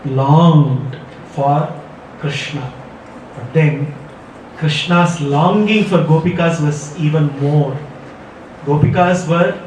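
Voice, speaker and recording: A man delivers a devotional discourse, mixing storytelling with chanted verses. His voice sits a little high. He sounds distant from the mic in an echoing room. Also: darkish tone. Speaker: spiritual teacher. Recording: echoey room, mic far off.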